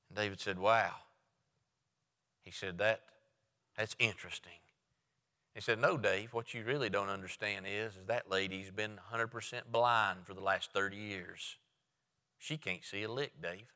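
A man's voice: lowish voice, bright, forceful tone, in a large hall. A man preaching a sermon, telling a story with quoted dialogue and then driving home his point.

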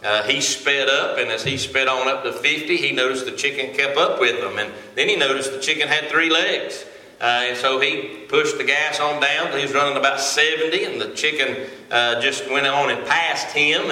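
A man in his forties preaching a sermon, folksy and halting, with frequent filler sounds, in a church sanctuary. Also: mid-range voice, bright, forceful tone. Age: 40s. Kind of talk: sermon with a joke opener. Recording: echoey reverberant hall.

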